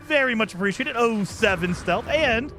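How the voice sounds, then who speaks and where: A male streamer with a bright, fairly high voice chats casually through a live gaming stream. He rambles enthusiastically from one point to the next, and his pitch swings widely as he talks. Soft music plays in the background. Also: expressive, normal speed. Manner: rambling, enthusiastic, thanks viewers for gifts. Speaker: game streamer.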